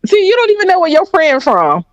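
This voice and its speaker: A woman's voice: very high voice, big pitch swings, fairly quick, highs cut off. A woman joining a livestream, casually teasing and trolling the host. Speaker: stream guest.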